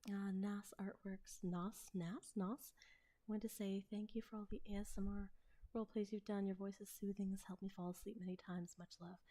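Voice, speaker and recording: A woman with a Midwestern American accent, chatting casually and hesitantly on a live stream, now and then slipping into soft whispers. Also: mid-range voice, little pitch movement, moderate pace. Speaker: ASMR role-play streamer.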